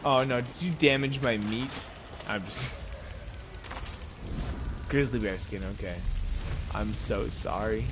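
A man streaming himself playing a game, commenting casually and swinging from loud outbursts to quiet muttering. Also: mid-range voice, slow, pauses often, noisy background. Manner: excitable, swings from yelling to muttering.

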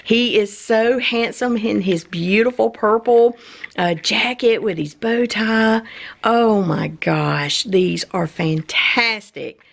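A woman hosting her own channel, unboxing collectible pins in a haul video, gushing and exclaiming with excitement. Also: mid-range voice, slow, creaky. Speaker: channel host.

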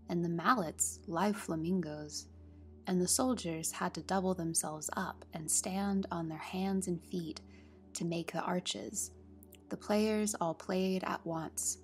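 A woman narrating a classic children's story in soft, half-whispered tones. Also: fairly low pitch. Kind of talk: storybook reading. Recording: soft music under the reading.

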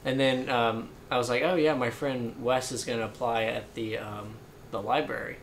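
A young man, a podcast guest, telling a story in a loose, relaxed way with lots of fillers. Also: medium pitch, moderate pace, slight background noise. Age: young adult. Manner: laid-back storytelling, filler-heavy. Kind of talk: casual chat.

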